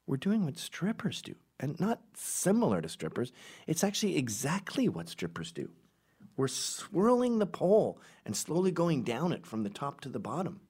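A man voicing a young man who talks slowly to himself in the mirror, full of dawning doubt. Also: a little high, huge pitch swings, a little mellow, husky, voice pushed up, full character voice.

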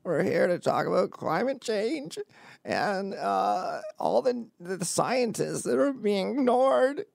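A man's voice: sits high, very animated, takes it slowly, gravelly, darkish tone, no echo, clean studio sound, pitched above the performer's own voice, exaggerated voice. A man imitating an older male politician with a strained, shaky voice that sounds near tears. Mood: earnest.

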